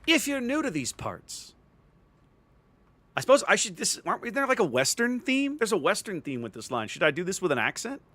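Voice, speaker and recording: A man's voice: high voice, very animated, brisk, fairly bright tone. A middle-aged man with a Cajun Louisiana accent, chatting upbeat as he hosts a live gameplay stream and greets his chat. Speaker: streamer host.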